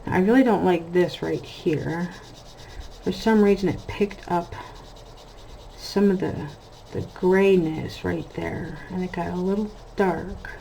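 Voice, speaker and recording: Chatty, gravelly woman colouring at home. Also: lowish voice, steady tone, unhurried, dark tone, slight background noise, rough recording. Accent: American. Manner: chatty, storytelling, drifts between anecdotes and narrating her work. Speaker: coloring channel host. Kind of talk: casual chat while coloring.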